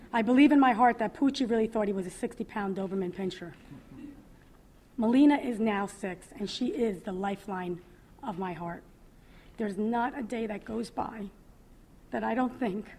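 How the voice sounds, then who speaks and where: A woman in her thirties reads her own testimony aloud as a mother at a public event, speaking earnestly and with feeling, often pausing. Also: mid-range voice, darkish tone. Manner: emotional, earnest, with pauses. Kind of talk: reading a personal testimony aloud.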